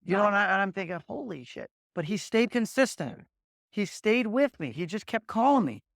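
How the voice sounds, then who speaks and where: High-voiced man giving punchy sales coaching. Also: a little fast, dry recording, studio quality. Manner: energetic storyteller, drills points with repeated "guess what" and "okay?"; blunt, punchy coaching delivery. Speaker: agency leader training new agents. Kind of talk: motivational sales training talk.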